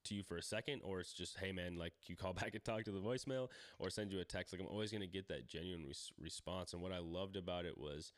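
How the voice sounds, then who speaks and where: Podcast co-host, man in his thirties: low, loose, profane, recorded dry and close. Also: fast, hardly any pauses, no room sound. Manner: rambling, profane, frequent "like" and restarts. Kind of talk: casual podcast chat.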